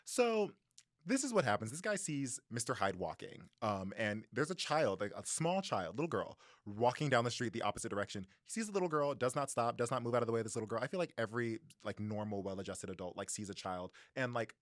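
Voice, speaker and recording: A young man telling a story in a book podcast, his pitch jumping all over as he gets into it. He has a mid-range voice, recorded close and dry with no room sound. He slips into quick voices for the people in the story. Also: no echo. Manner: animated storytelling with voices and laughs. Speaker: podcast co-host. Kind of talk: casual book-club chat.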